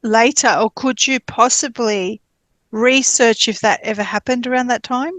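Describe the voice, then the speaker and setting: A woman's voice: on the high side, fairly even intonation, moderate pace, fairly bright tone, dry recording. An Australian woman hosting a podcast, asking careful, clarifying questions and restarting her sentences. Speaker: podcast host. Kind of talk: casual podcast interview.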